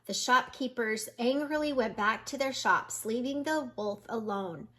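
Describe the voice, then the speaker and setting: An older woman reading a children's picture book aloud in a gentle, slow manner, pointing out the pictures. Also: on the high side, a little hiss or hum.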